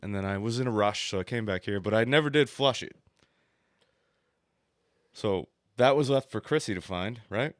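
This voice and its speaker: A man's voice: fairly low pitch, moderate pace, long pauses, no echo, studio quality. A man co-hosting a podcast, rambling through crude, mocking jokes in casual banter. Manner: rambling, crude jokes, mock painting-show narration. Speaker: co-host.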